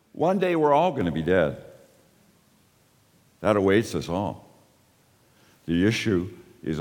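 Animated male preacher in a reverberant hall. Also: slow, pauses often. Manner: animated preaching, dropping low and soft for emphasis. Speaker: pastor. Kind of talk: sermon.

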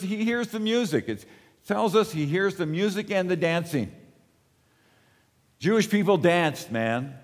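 Recorded with long hall reverb, this man preaches as a pastor, his delivery swinging between animated emphasis and quiet, low, stretched-out phrases.

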